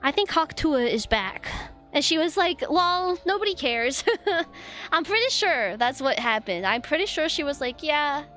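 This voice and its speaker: A woman's voice: sits high, expressive, normal speed, a bit bright, soft background music. A young woman streamer chatting casually, flustered and rambling, swearing often. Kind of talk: casual live-stream chat.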